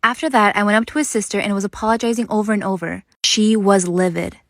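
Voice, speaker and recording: A woman reads online stories aloud at a quick clip, her voice slightly high. The sound is dry and close. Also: steady tone, dry recording.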